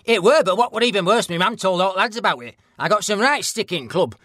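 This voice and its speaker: Man doing a bright-voiced deadpan northern bloke, blunt, middle-aged, high-ish. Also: brisk, dry recording, clean studio sound, exaggerated voice. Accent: Northern English. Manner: deadpan, blunt, plain-spoken. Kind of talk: mock documentary interview.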